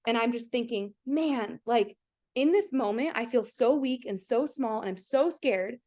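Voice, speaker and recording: A woman's voice: on the high side, measured pace, dark tone. A woman hosting a coaching call over video, telling an emotional personal story in an earnest, chatty way, full of "like" and direct questions to her listeners. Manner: emotional, earnest, heavy use of "like", addresses the audience directly.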